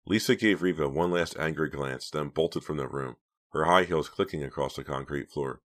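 A man reading an audiobook in steady, measured scripted narration. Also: extremely low pitch.

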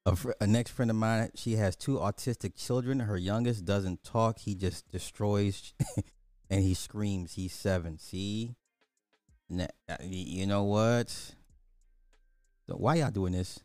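A man's voice: on the low side, measured pace, a little mellow, no echo, faint music behind. A man giving casual commentary, ranting crudely and repeating himself in disbelief. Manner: crude, repetitive, incredulous ranting. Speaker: online commentator.

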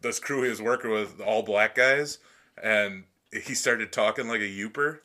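A man's voice: on the low side, moderate pace, sharp tone. A man co-hosting a casual podcast with friends, telling crude stories and laughing often. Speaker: podcast co-host. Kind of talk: casual chat among friends.

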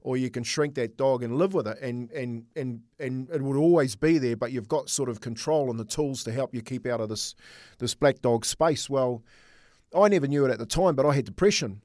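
Casting note: middle-aged man, earnest storyteller, mid pitch, dry booth sound. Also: a little fast, darkish tone, dry recording. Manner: earnest, storytelling, repeats words while thinking. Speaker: former rugby league coach, co-host. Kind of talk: casual sports chat.

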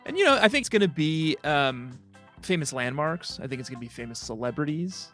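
Podcast co-host, male, loose rambling delivery with fillers, animated pitch. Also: brisk, soft background music. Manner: rambling, joking, fills with ums and likes. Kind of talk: casual chat about a video game.

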